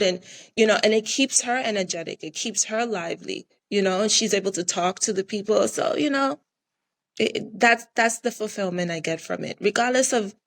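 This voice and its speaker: With a mid-range voice, a middle-aged woman from the Caribbean talks earnestly in a casual interview about being a restaurant owner, repeating herself to drive points home.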